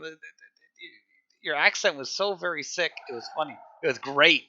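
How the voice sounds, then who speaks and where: A man's voice: fairly high pitch, normal speed, bright, forceful tone, highs cut off. A man chatting casually on a live game stream as a server admin, rambling, repeating himself and often laughing.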